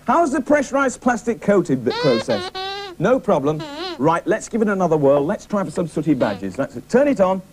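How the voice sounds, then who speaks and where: Excitable man hosting a kids' show. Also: on the high side, normal speed, a crowd in the background. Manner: excitable, chatty, talks to puppets. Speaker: host of a children's puppet show. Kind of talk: children's TV presenting.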